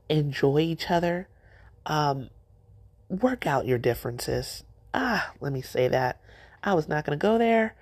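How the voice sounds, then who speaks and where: A middle-aged woman hosting a podcast, giving animated, preachy, faith-based encouragement to married couples. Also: low-pitched, dry recording. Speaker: podcast host.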